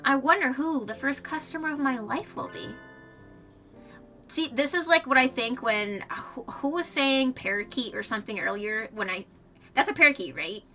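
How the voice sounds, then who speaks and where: A woman's voice: high voice, normal speed, bright, forceful tone. A young woman in her twenties streaming, reading a visual novel aloud with chatty, rambling asides. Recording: distant mic, faint music behind.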